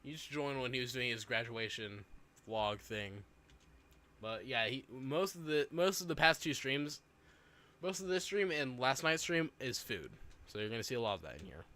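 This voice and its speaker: A man's voice: mid-range voice, lively intonation, normal speed, sharp tone, slight background noise. A man streaming and chatting casually while reacting to videos, rambling loosely with hyped interjections.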